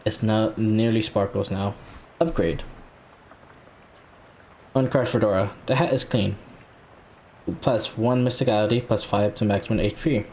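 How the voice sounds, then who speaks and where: Brief: low-voiced male let's player, casual, reads game text aloud with quick reactions. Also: darkish tone, a little hiss or hum. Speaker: gaming channel host.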